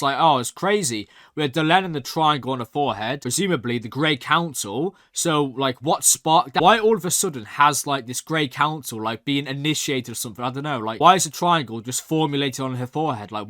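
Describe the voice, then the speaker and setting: Young male reaction host, excitable and rambling, slightly high-pitched, dry room. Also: a little fast, few pauses, no echo. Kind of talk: casual recap and review.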